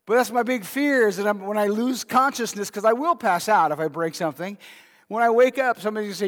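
A man's voice: high voice, brisk. A man preaching a sermon as pastor, talking in a conversational way and asking the congregation questions. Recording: long hall reverb.

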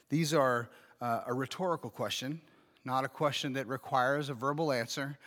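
A man preaching a sermon as pastor, moving between quiet, slow explanation and emphatic, shouted declarations. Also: mid-range voice, steady tone, long reverb tail.

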